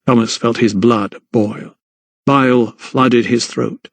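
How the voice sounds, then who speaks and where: A male narrator reading a historical mystery audiobook in a measured, even voice of middle pitch. The sound is dry and close to the mic, with no room around it. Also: vocal fry, no room sound. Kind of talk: scripted narration.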